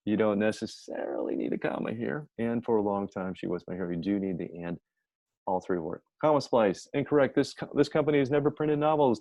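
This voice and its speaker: Speaking in a gravelly, mellow voice on the low side, this writing teacher runs a relaxed grammar lesson, frequently correcting himself and reading example sentences out loud. The lo-fi audio sounds dull and dry, with no room sound.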